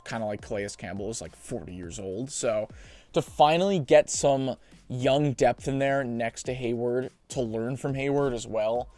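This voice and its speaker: A young man hosting a sports show, giving chatty, animated mock draft commentary with joking asides. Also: mid-range voice, normal speed.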